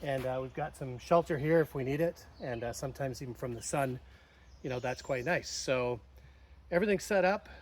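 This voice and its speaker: A man's voice: medium pitch, moderate pace. A man, chatting casually to viewers while camping outdoors at a lakeside site. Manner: chatty, addresses viewers as gang, many uh fillers. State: a little out of breath. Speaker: outdoor vlogger.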